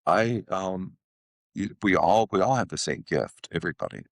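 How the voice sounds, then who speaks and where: A man in his seventies with an extremely deep, gravelly voice tells rambling stories as an interview guest. He keeps restarting his sentences and acts out the dialogue he quotes. The sound is close and dry. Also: sing-song, normal speed, no room sound. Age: 70s. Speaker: guest, author and motivational speaker. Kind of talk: casual storytelling interview.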